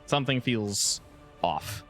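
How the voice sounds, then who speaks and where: A man's voice: mid-range voice, takes it slowly. Male game master narrating a tabletop session, laid back, trips over words, faint music behind. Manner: relaxed, with frequent restarts and fillers.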